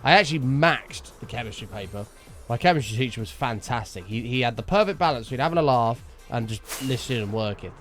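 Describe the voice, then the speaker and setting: A man talking over his gameplay in a loose, rambling way, dropping swear words as he goes. His pitch swings up and down a lot, and faint music plays underneath. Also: lively intonation, fast, a bit bright. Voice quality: chatty, rambling, sweary storytelling. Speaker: streamer. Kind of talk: casual gameplay chat.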